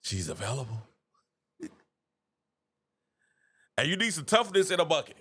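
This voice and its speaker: A man's voice: fairly high pitch, sing-song, unhurried, long pauses, pushed and bright, husky. A man hosting a basketball show, talking casually and animatedly and laughing at his own jokes. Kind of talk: casual sports commentary.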